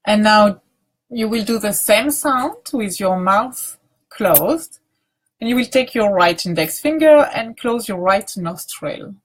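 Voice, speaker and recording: A woman teacher leading a guided grounding practice, speaking softly with many pauses and restarts. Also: medium pitch, lively intonation. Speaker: meditation teacher.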